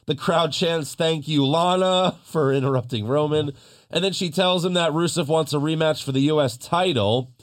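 A man hosting a casual podcast, recapping wrestling with animated storytelling and mocking impressions. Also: a little high, normal speed. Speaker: podcast host.

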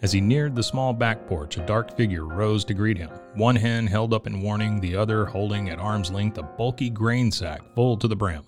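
A man with a fairly low voice reads a holiday storybook aloud. His delivery is gentle and measured. Soft music plays faintly behind him. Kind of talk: storybook narration.

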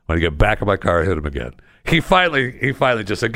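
A man filling in as a talk radio host, telling stories in an animated way and chuckling often. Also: on the low side, rapid-fire, gravelly, dry recording.

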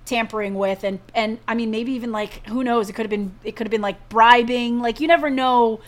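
A woman co-hosts a sports news talk show. Her voice sits a touch high, and she chats loosely about the headlines, piling up fillers and restarting her sentences as she goes. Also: fairly even intonation, a little fast. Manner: chatty, many fillers and restarts. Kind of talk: casual news chat.

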